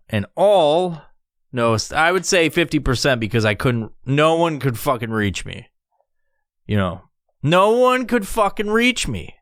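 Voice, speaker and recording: A man hosting a solo podcast, rambling through a story with constant swearing and lively mimicry. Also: medium pitch, dry recording, clean studio sound. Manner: profane, rambling, animated storytelling. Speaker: podcast host.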